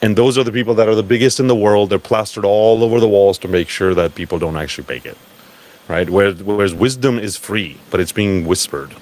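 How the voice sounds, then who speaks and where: A man giving a blunt, profane, animated live talk at a crypto event. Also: lowish voice, fairly quick.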